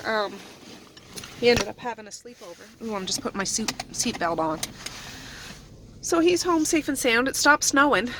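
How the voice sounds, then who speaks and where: A woman's voice: fairly high pitch, a bit bright, slight background noise. A middle-aged woman vlogging her day at home on a handheld phone, talking in a chatty, homely way straight to her viewers. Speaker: vlogger and mother. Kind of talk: casual day-in-the-life vlog narration. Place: home and car, in Nova Scotia. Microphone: handheld phone camera.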